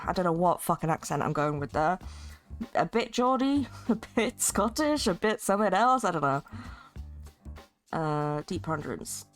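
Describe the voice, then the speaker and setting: A woman's voice: fairly low pitch, animated, normal speed, faint music behind. A woman streaming a text game, chatting in rambling asides and reading aloud.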